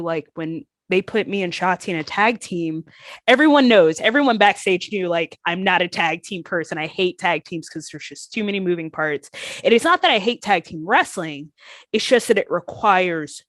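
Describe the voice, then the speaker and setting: A woman, a professional wrestler, telling candid stories in an interview and acting out past conversations with lively shifts. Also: on the low side, moderate pace, no room sound. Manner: animated, acts out past conversations in her stories.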